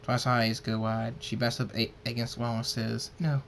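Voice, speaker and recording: A man reading a fan story aloud, halting and restarting words. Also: medium pitch, monotone, gravelly, a bit bright, a little hiss or hum. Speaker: fan fiction reader.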